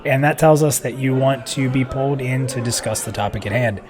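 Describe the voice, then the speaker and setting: A man at a mid-range pitch hosts a live stream in relaxed, casual chat. He jokes with his guests and laughs easily, talking into a desk microphone. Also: a little fast, a crowd in the background. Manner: joking and chatty, laughs often. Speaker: live stream show host.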